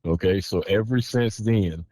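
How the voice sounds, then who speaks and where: Male podcast host, very low voice, forceful repeating delivery, dry close sound. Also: measured pace, no room sound. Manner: emphatic, repetitive, profane. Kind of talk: casual podcast chat.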